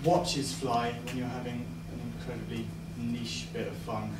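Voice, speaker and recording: A young man performing a stand-up comedy set, hesitant and deadpan, with lots of uhs and ums. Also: mid-range voice, normal speed, heavy background noise. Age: young adult. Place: comedy club stage. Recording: echoey live venue, distant mic, loud crowd laughter. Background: audience laughter.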